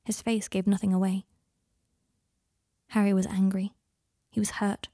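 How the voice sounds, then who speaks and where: Measured woman reading a story. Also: mid-range voice, flat delivery, dark tone, dry recording, studio quality. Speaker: audiobook narrator. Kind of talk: fan fiction audiobook reading.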